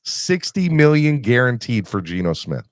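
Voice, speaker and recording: A man's voice: medium pitch, sing-song, moderate pace, dry recording. A man hosting a casual sports podcast, rambling with restarts while recovering from an illness. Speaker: podcast host.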